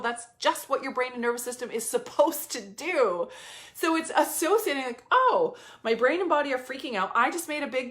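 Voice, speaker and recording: Woman, 30s, motivational coach, slightly high voice, emphatic and blunt, casual swearing. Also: a bit bright. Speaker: business coach. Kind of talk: motivational talk to camera.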